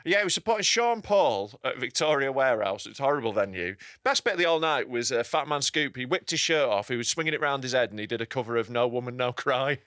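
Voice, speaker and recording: A man's voice: medium pitch, expressive, fast talker, hardly any pauses, a bit bright, dry recording, clean studio sound. A man co-hosting a comedy podcast, telling rude stories in casual banter and laughing often. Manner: swearing, storytelling, laughs often. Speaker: podcast co-host.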